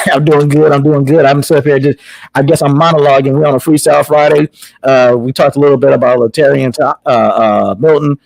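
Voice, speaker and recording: A man with a gravelly, creaky voice hosts a casual talk show and rambles through his thoughts with plenty of filler words. The sound is dry and close, with no room around it. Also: mid-range voice, fairly even intonation, a little fast, a little mellow, no room sound, low-quality recording. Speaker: podcast host.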